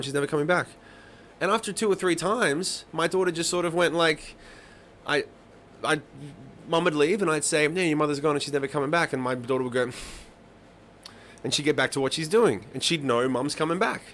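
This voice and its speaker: Man, 30s, animated storyteller, swears freely, slightly high pitch. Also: slight background noise. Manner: animated storyteller, swears a lot, acts out voices. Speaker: host of a live songwriting stream. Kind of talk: casual storytelling chat.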